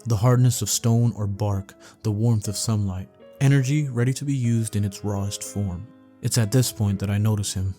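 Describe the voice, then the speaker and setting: A man calmly narrating a first-person dream story for sleeping, in a steady, low-key way. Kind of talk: calm bedtime story reading. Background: faint background music.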